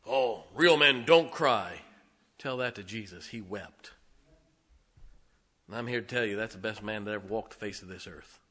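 A middle-aged man preaching a sermon as pastor, swinging between loud, emphatic lines and quiet, hushed ones. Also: on the low side, fairly even intonation, normal speed, pauses often.

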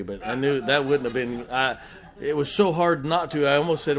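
A man's voice: mid-range voice, brisk, fairly bright tone. A middle-aged man preaching a sermon as pastor, folksy and often joking and laughing with the congregation.

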